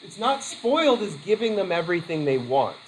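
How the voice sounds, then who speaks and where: Male teacher lecturing a class; chatty, animated, fairly high pitch, slight room hiss. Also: a little fast, poor audio. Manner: lively, acts out quoted voices, laughs easily.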